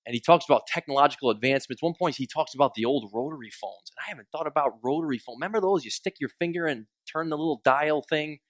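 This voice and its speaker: A man's voice: on the high side, fast, hardly any pauses, no echo. A man preaching a sermon in a conversational, joking way, acting out quoted complaints. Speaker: pastor.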